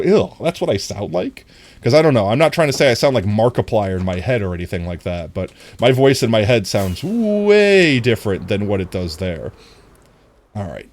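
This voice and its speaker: A man streaming a game, chatting casually with his viewers, with a somewhat nasal voice. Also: on the low side. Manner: chatty, talks to viewers while playing. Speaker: livestreamer.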